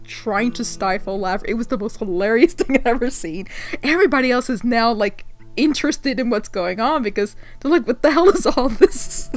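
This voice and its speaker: A woman's voice: a little high, no room sound. A woman vlogger telling a story in a casual way, laughing often and acting out the quotes.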